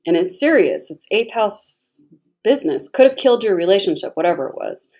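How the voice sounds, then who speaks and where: A woman giving a casual tarot reading, chatty and expressive, laughing often as she talks. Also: mid-range voice, brisk. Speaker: tarot reader.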